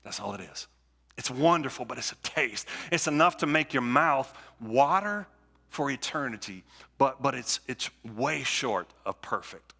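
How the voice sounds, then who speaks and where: In a church sanctuary with long hall reverb, a male pastor delivers a conversational sermon, repeating phrases and restarting as he builds his points. His mid-range voice is gravelly and sharp, with lively intonation at a measured pace.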